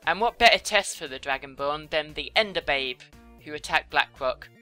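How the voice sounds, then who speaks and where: A woman's voice: sits low, expressive, moderate pace, pushed and bright, faint music behind. A young woman chatting casually while she draws, giggling and teasing herself. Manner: chatty, giggly, self-deprecating. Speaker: YouTuber. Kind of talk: casual commentary while drawing.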